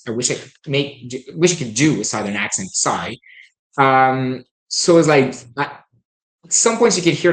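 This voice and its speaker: Rambling man in an echoey room. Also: mid-range voice. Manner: rambling, filler-heavy, enthusiastic. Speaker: podcast host reviewing a movie. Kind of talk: casual rambling review. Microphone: no proper microphone, built-in device mic. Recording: echoey room, makeshift mic.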